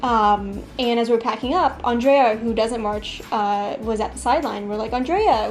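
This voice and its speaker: A teenage girl with a slightly high voice shares a memory in an earnest, unhurried way. She pauses now and then with small hesitations. Faint music sits in the background. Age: teens. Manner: earnest, warm storytelling with hesitations. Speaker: senior band student. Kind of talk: casual anecdote.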